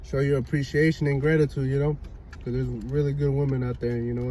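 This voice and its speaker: A man's voice: medium pitch, level tone, fast talker, mellow, poor audio. A young man chatting casually on a couple's vlog, laid-back and leaning on "you know?" after nearly every thought. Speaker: vlogger. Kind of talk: casual chat. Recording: light background noise.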